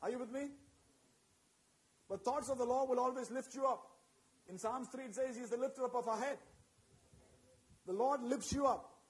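A man's voice: very high voice, normal speed, pauses often, rough recording. A man preaching a sermon with emphatic, repetitive phrasing and call-and-response asides to his congregation.

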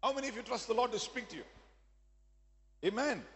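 A male pastor preaches emphatically, frequently asking the congregation whether they're with him in call-and-response asides. His very high-pitched voice is expressive and a little fast, and the recording carries a long hall reverb.

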